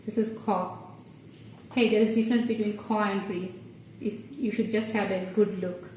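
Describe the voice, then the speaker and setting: In an echoey room, a Bengali language teacher with a medium-pitched, steady, slightly mellow voice explains at the board patiently and step by step, with halting restarts. She's recorded from a distance, off the mic, with slight background noise and faint ambience.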